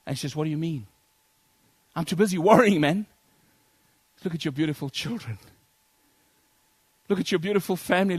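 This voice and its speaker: A man preaching a sermon to his congregation, swinging from loud declaiming to soft near-whispers. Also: fairly high pitch, slightly rough, no room sound. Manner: addresses congregation as brethren.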